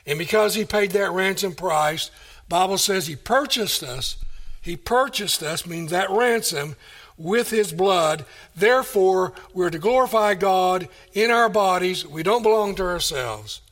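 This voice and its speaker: Slow, high-voiced man preaching a sermon. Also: expressive, fairly bright tone. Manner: emphatic, rhetorical questions, measured delivery. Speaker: pastor.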